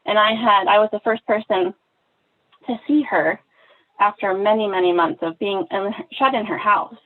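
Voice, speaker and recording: Woman guest, mid-pitched, recounts a story with feeling, heard over a narrow phone-like line. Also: normal speed. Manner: animated, acts out quoted dialogue. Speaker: podcast guest. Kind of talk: emotional personal storytelling.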